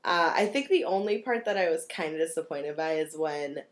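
A woman's voice: deep voice, animated, moderate pace. A woman in a chatty movie-review conversation, talking eagerly and laughing easily. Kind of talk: casual movie-review chat.

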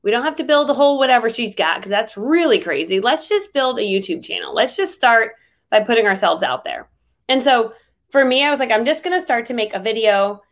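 A chatty woman with a fairly high voice talks as a guest in a relaxed interview. She fills her speech with easygoing fillers and quick laughs. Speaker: interview guest, online trainer. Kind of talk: casual conversational interview.

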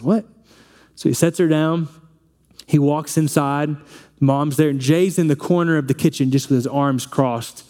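Man preaching with a mellow, warm voice. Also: medium pitch. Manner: retells a film scene, acting out the family's lines. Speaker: pastor. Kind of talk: sermon.

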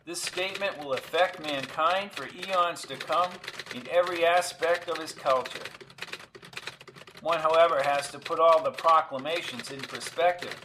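A man narrating a scripted story in a measured, dramatic way. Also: a little high, noisy background.

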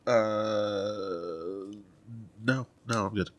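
A man playing a tabletop role-playing game, laughing often and sharp-tongued in character. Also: on the low side, very slow. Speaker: player.

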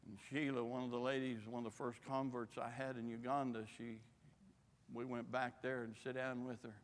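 A man preaching a missionary sermon, impassioned and rising to shouts, in a church. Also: medium pitch, level tone, normal speed. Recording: long hall reverb.

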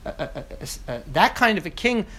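A man teaching a class on scripture, talking in an animated way with many restarts and asides. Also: sits high, fairly quick.

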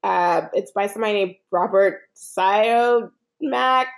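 Speaking slowly in a mid-range voice with vocal fry, this podcast co-host casually walks through a film she watched. Her recap rambles, is packed with "like," and is punctuated by frequent laughter.

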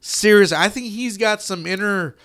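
A man chatting casually about movies, animated, swearing freely and acting out scenes. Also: sits high, normal speed. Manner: animated, swears a lot, acts out movie lines loudly.

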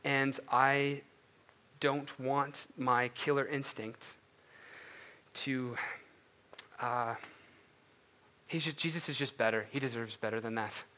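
A man's voice: mid-range voice, steady tone, slow, pauses often, sharp tone. A man preaching a casual, earnest sermon as a pastor and then praying, talking in a loose, conversational way. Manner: earnest, conversational, many fillers and restarts. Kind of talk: casual sermon ending in prayer.

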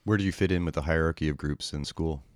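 A man's voice: extremely low pitch, fast talker, dry recording, clean studio sound. A man hosting an interview, asking brief questions and follow-ups. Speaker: podcast host, interviewer.

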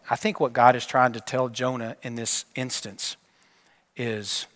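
A pastor preaches in a church sanctuary with a long hall reverb. His voice sits at an ordinary middle pitch. He tells the story plainly, asks his listeners questions, and often sinks to a hushed, low voice to land a point. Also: level tone, a little slow. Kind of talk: sermon.

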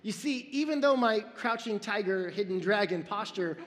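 A male pastor in his forties delivers an earnest sermon, mixing personal stories with self-deprecating humor. His voice sits high for a man. The sound carries the long reverb of a large hall. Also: expressive, normal speed, fairly bright tone.

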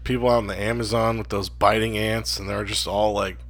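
A man's voice: fairly low pitch, level tone, a little fast, fairly bright tone. A man in a laid-back casual chat, swearing offhandedly.

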